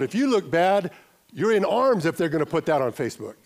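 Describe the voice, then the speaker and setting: A man's voice: fairly high pitch, expressive, quick pace, darkish tone. Conversational male pastor preaching. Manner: conversational, anecdotal, with repeated words and restarts. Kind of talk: sermon. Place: church sanctuary.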